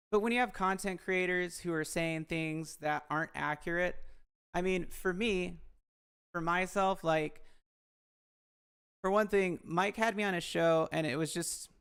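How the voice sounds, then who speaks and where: A woman's voice: lowish voice, gravelly, clean tone. A woman YouTuber talking through a dispute in a casual, rambling, frank commentary vlog.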